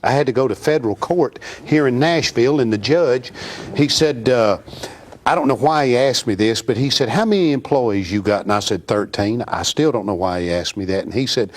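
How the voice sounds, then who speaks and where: A man's voice: mid-range voice, expressive, fairly quick. A middle-aged man, a singer telling anecdotes as a guest on a talk show, folksy and laughing as he acts out the people in his stories. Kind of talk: casual storytelling.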